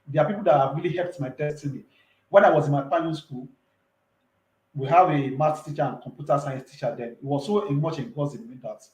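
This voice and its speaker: A man's voice: a little high, a little mellow, reverberant, poor audio. A man, talking earnestly and emphatically as an entrepreneur guest in a casual interview, often repeating himself.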